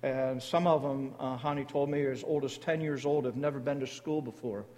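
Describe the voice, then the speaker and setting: A man speaking to a church congregation about his mission board, halting often with fillers and restarts. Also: medium pitch, fairly even intonation, warm tone. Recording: long hall reverb.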